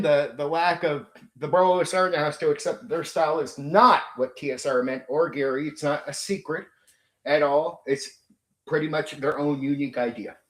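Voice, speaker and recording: A man's voice: fairly high pitch, a bit bright. A man hosting his own channel, ranting unscripted in an aggrieved, repetitive, emphatic way, swearing and repeating his points. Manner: mimics rivals in sneering quoted voices. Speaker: channel host. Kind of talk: unscripted monologue rant.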